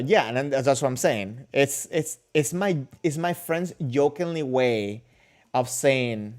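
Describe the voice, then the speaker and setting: A man's voice: mid-range voice, expressive, slow. A man hosting a casual livestream, answering viewer comments and questions in a rambling, joking way with many restarts. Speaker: kendo livestream host.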